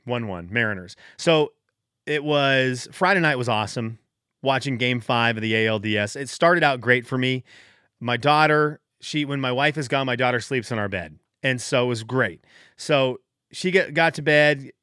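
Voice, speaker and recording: Excitable, bright-voiced male podcaster. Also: medium pitch, moderate pace, clean tone, no room sound, clean studio sound. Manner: excitable, rambling, bursts into cheering. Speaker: podcast host. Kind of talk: casual solo podcast chat.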